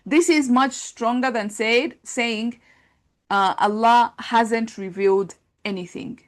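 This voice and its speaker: A woman teaching an Arabic grammar class, talking through translations in a relaxed conversational way with many fillers. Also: on the high side, unhurried. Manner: explains patiently, thinks aloud with many fillers; reads translations aloud and compares them.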